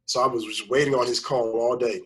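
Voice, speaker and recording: A man's voice: mid-range voice, steady tone, brisk, fairly bright tone, breathy edge, low-quality recording. A man talking casually as a first-time home buyer guest, rambling through his story and acting out the people he quotes. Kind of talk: casual conversation.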